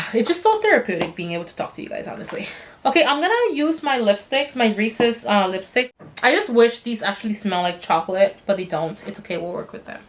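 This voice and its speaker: A woman's voice: mid-range voice, very animated, brisk. A young adult woman vlogger telling a story in a chatty, rambling way with many fillers while doing her makeup. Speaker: beauty vlogger.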